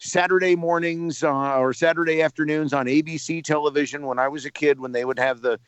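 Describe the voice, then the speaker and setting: Man from New Jersey, radio personality, lively storytelling, repeats words, slightly high voice, dry sound. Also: a little fast, clean tone, no echo, highs cut off. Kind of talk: storytelling anecdote on a podcast.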